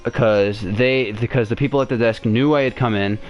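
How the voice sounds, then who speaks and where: A young man with a mid-range voice hosts a podcast, telling a long personal story casually at a moderate pace. He rambles and swears, restarting often and leaning on fillers, and the recording sounds muffled.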